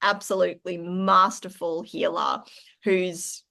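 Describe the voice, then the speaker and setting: A woman's voice: lowish voice, flat delivery, takes it slowly, gravelly, pushed and bright. Woman host asking an admiring question. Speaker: host, interviewer. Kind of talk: casual interview chat.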